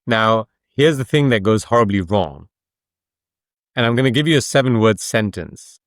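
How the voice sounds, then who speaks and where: A man's voice: fairly low pitch, animated, normal speed, no room sound, studio quality. Emphatic male guest explaining ideas. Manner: explanatory, emphatic, uses rhetorical questions. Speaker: author and coach, podcast guest. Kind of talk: conversational interview.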